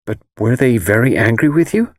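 An earnest young bride, as a male narrator reads her lines, asking anxious questions in a low, lively voice with plenty of movement in the pitch. The sound is dry and close, with no room around it. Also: moderate pace, no echo, natural voice. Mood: earnest, worried. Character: anxious newly married young woman.

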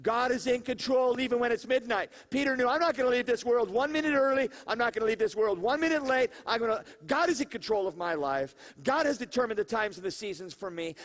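A man preaching a conversational sermon in an animated way, with laughing asides and questions to the congregation. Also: extremely high pitch. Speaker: pastor.

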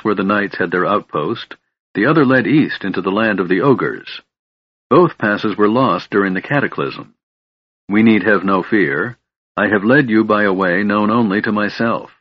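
A man voicing a solemn young female elf guide who speaks gravely and earnestly in an audiobook. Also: on the low side, expressive, moderate pace, dry recording, dull audio.

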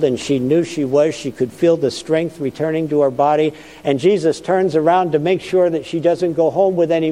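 Male pastor, earnest storytelling sermon, mellow, fairly high voice, long reverb.

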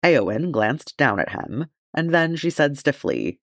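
A man narrating a fantasy fan fiction chapter as an audiobook, in an expressive, steady storytelling way. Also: on the high side, a little slow, dry recording, studio quality.

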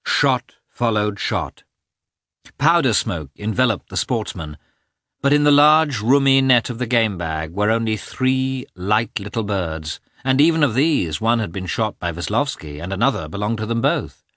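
A man narrates a classic novel in a low but bright voice. His reading rises and falls widely and lifts sharply for the characters' shouts. The sound is dry and close, with no room around it. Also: measured pace, no room sound. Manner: reads with lively, expressive inflection, lifting pitch for characters' shouts. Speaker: audiobook narrator. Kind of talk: scripted narration.

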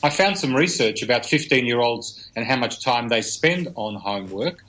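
A man from Australia appears as a guest on a radio talk show. He walks through surveys and research in an explanatory, conversational way, with a voice of ordinary pitch. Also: lively intonation, moderate pace, a bit bright, low-quality recording. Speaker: business futurist guest. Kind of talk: radio interview chat.

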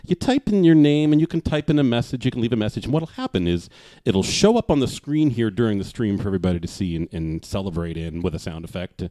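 A man hosting a live-streamed music show, chatting casually and often pausing with "uh" as he reads out viewer comments. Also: fairly low pitch, animated, warm tone, no echo. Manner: rambling, fills pauses with uh. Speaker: livestream show host.

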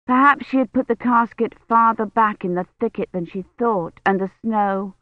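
A woman narrating an audiobook in a measured, even storytelling manner. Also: on the high side, no room sound, narrow, tinny audio. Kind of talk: scripted narration.

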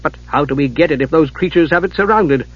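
A man's voice: fairly high pitch, quick pace, slightly rough. A man doing an anxious young mage. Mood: urgent. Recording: dull lo-fi audio.

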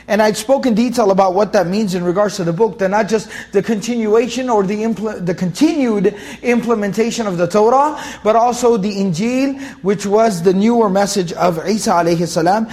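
High-voiced man teaching Quran commentary. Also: moderate pace, darkish tone. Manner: emphatic, repeats key phrases; recites Arabic verses in a chanting tone.

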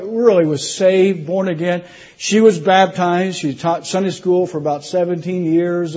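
A man's voice: sits high, a little mellow, muffled recording. A middle-aged man preaching from the pulpit, telling his conversion story with restarts and rising emphasis. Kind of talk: sermon testimony.

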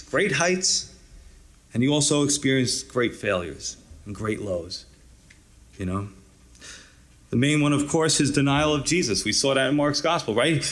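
A pastor preaching a conversational, encouraging sermon, often adding "you know" and "right". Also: male voice, fairly high pitch.

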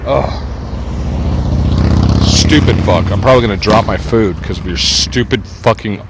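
A man's voice: fairly low pitch, a little slow, heavy background noise. An older man rambling on a city street into a small wire mic, profane and irritable, talking to himself and the camera. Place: outdoors on a city street with traffic. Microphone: small wire mic worn on body. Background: passing cars and motorcycles.

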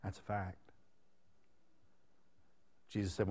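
A man in his late thirties delivers a sermon in a folksy, chatty way, speaking to the room as if to friends. He keeps asking the listeners questions and teasing them along. His voice sits fairly low. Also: normal speed, long pauses. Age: 30s. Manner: folksy, conversational preaching with rhetorical questions to the congregation. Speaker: preacher.

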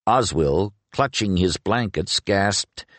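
Deep-voiced man reading an audiobook. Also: slow, no echo. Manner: expressive storytelling. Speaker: audiobook narrator. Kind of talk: scripted narration.

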